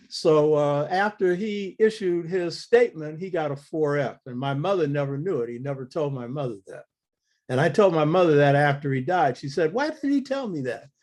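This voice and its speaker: A man's voice: a little high, darkish tone. An older man telling a family story in an interview, blunt and earthy, acting out the quoted dialogue.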